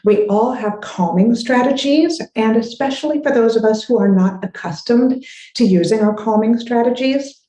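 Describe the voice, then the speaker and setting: A woman's voice: mid-range voice, warm tone, echoey room, low-quality recording. A woman parenting coach giving encouraging advice straight to the listener. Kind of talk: direct-to-camera advice talk.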